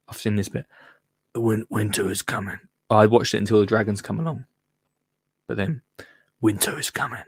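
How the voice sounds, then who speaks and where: A man's voice: mid-range voice, a bit bright, no echo, studio quality. Chatty man hosting a live show. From United Kingdom. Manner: chatty, jokey, laughs often. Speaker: podcast host. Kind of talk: casual live show chat.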